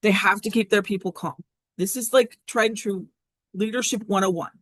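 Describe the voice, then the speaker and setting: A woman's voice: mid-range voice, moderate pace, a bit bright, no room sound. A woman teaching a Latin lesson in a classroom, chatty and thinking aloud as she translates.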